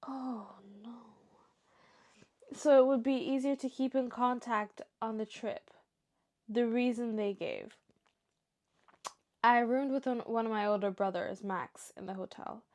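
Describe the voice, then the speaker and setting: A woman's voice: a little high, a little slow. A young woman reading stories aloud for her show and breaking off into emotional, chatty reactions. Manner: emotional, chatty asides between read passages. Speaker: story reaction host.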